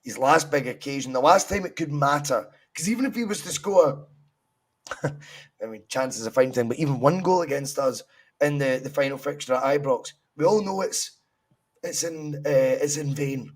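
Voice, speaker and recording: A man's voice: mid-range voice, moderate pace. A Scottish man co-hosting a football podcast, talking casually, swearing and laughing as he argues. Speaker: podcast co-host.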